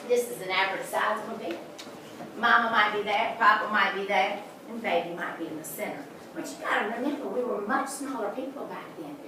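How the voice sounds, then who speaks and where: A woman speaks briskly in a medium-pitched voice while guiding visitors around a large historic house, telling chatty, folksy stories laced with jokes. The setting is an echoey indoor room recorded from afar, with a noisy background.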